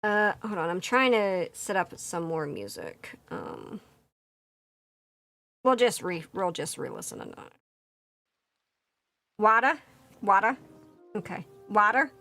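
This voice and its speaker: Her voice is fairly low yet bright, moving through big pitch swings at an unhurried pace. A Philadelphia-accented VTuber streamer, she chats casually while building a model kit, rambling with many fillers and restarts over faint background music.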